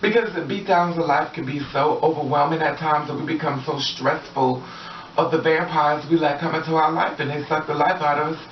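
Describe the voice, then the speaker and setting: A woman's voice: deep voice, steady tone, fairly quick, slight background noise. Sassy woman vlogging in an echoey room. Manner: sassy, profane, laughs often, acts out quoted people. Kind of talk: casual monologue to camera. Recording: roomy, distant, dull lo-fi audio.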